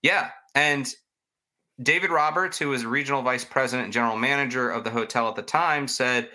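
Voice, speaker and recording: A man's voice: mid-range voice, fairly quick, bright, forceful tone. A man hosting a podcast, casually telling ghost stories in a chatty, rambling way and poking fun at himself. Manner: chatty, rambling, self-mocking. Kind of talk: casual storytelling chat.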